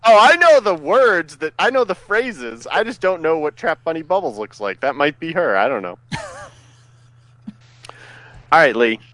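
A man's voice: a little high, very animated, normal speed, pauses often, fairly bright tone. A man co-hosting a podcast, chatting casually, laughing often and setting up clips for the others. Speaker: podcast co-host. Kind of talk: casual chat.

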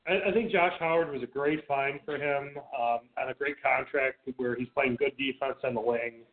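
A man co-hosts a casual sports radio chat, blunt and swearing freely, often stammering and restarting. His voice sits at an ordinary middle pitch. It comes through thin and narrow, like a phone line. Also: fairly even intonation, moderate pace. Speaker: radio show co-host. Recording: phone-like lo-fi sound.

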